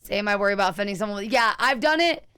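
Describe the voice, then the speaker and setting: Woman streamer, smooth clear voice, mid pitch, chatty and thinking out loud to chat. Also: animated, racing. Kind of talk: casual live-stream chat while gaming.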